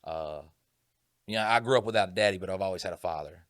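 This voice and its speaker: A man's voice: deep voice, quick pace, fairly bright tone, no echo, studio quality. A man co-hosting a podcast, telling rambling, profane stories in casual chat. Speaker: podcast co-host.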